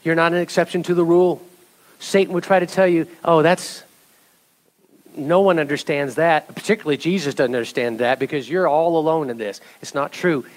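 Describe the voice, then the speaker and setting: High-voiced man preaching a fervent sermon. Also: quick pace, rough recording. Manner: rising to fervent exhortation, addressing the church. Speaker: pastor.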